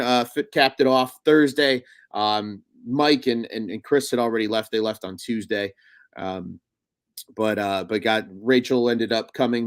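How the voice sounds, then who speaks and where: A man's voice: medium pitch, no room sound. A young adult man co-hosting a casual sports talk show, chatty and rambling, with lots of fillers and restarts. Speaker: podcast co-host.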